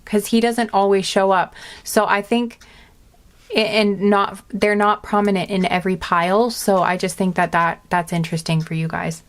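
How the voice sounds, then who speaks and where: A woman's voice: mid-range voice, level tone, moderate pace. A woman giving a casual tarot reading to her viewers, rambling and heartfelt with many fillers. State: tearful, emotional. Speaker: tarot reader.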